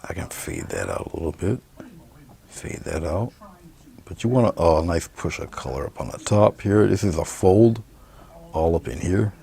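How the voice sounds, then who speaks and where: A man giving a painting demonstration, talking through each brushstroke in a relaxed, murmured way. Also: low voice, moderate pace, creaky. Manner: relaxed, murmured step-by-step commentary while painting. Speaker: painting instructor.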